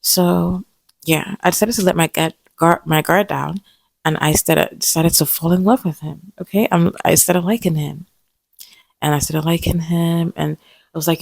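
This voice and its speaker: A woman's voice: low-pitched, steady tone, moderate pace, vocal fry, darkish tone, dry recording. A young woman telling a personal story in a chatty vlog, often repeating herself and checking in with "okay?". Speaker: vlogger. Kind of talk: casual storytelling to camera.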